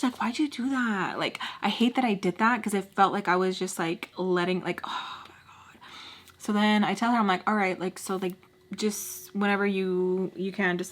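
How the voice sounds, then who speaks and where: Woman in her 30s doing a makeup storytime, super chatty, says like a lot, normal mid voice. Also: mid-range voice. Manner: chatty, animated, heavy use of "like". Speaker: beauty vlogger.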